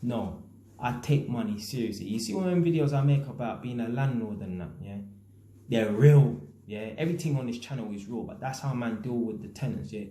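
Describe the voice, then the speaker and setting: A man's voice: mid-range voice, expressive, fairly quick, mellow, reverberant. A man with a London accent telling a story in a casual rant, full of slang and swearing, often tagging "yeah?" and "innit". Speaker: vlogger, builder and landlord.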